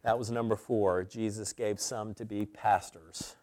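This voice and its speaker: A man preaching a sermon as pastor, teaching deliberately and stressing key words with pauses. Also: on the low side, fairly even intonation, darkish tone.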